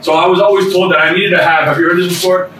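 A man's voice: high-pitched, fairly even intonation, fast, fairly bright tone. A man sharing his testimony with a small group, preaching in an earnest, conversational way with casual asides. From United States. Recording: roomy, distant mic, faint room noise.

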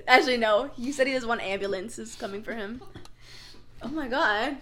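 A young woman in her twenties co-hosting a podcast in casual chat, giggly and animated, swearing now and then. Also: on the high side, moderate pace, heavy background noise. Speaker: podcast co-host.

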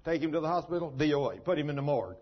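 A man's voice: on the high side, expressive, very fast, lo-fi sound. A man preaching a sermon in a folksy, emphatic storytelling manner.

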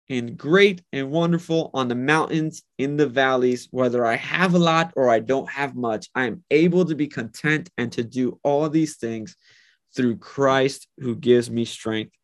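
A man preaching a sermon and leading a prayer, earnest and emphatic, often repeating his words. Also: medium pitch. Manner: earnest, repetitive, emphatic phrasing. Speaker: pastor.

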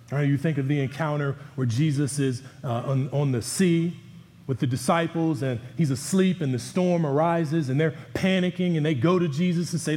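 A man's voice: normal speed, a little mellow. Emphatic male preacher in a reverberant hall. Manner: emphatic preaching, voice dropping low on key words. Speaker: pastor. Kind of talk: sermon. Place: church sanctuary.

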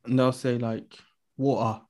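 A woman's voice: a bass voice, animated, a little fast. A woman with an English accent, a guest musician chatting casually on a podcast, giggling and imitating how others talk. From England. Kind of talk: casual chat.

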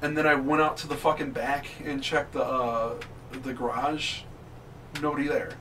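A young man co-hosting a podcast, telling a ghost story in animated, swear-heavy casual chat. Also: medium pitch, moderate pace. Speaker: podcast co-host. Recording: distant mic with faint background noise.

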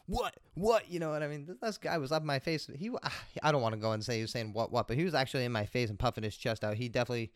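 A man's voice: medium pitch, no room sound, studio quality. A man hosting a homemade podcast, telling a casual story in a rambling way, full of fillers and swearing. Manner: rambling, heavy swearing, lots of filler words. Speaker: podcast host.

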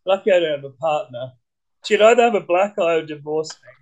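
A man with a British accent, talking as a podcast guest in an energetic, blunt way, swearing casually. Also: on the high side, quick pace, low-quality recording. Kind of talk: casual conversation.

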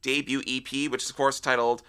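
A man's voice: mid-range voice, little pitch movement, a little fast, pushed and bright, smooth. A man hosting a music podcast, asking questions in a casual, enthusiastic way with many hesitant fillers. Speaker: podcast host. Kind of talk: casual interview.

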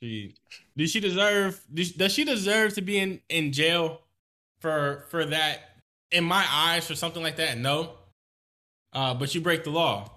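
A man's voice: on the high side, a little slow, pushed and bright. A man co-hosting a casual podcast, giving blunt, profane opinions and repeating points for emphasis. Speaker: podcast co-host.

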